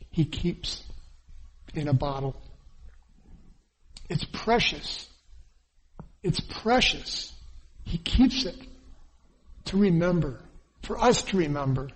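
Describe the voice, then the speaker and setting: A man delivering a sermon in a high-pitched voice. He speaks slowly, lingering on phrases and repeating them for emphasis. His tone stays earnest throughout. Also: animated, slightly rough, rough recording. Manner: earnest, dwells on phrases with slow emphatic repetition. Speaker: pastor.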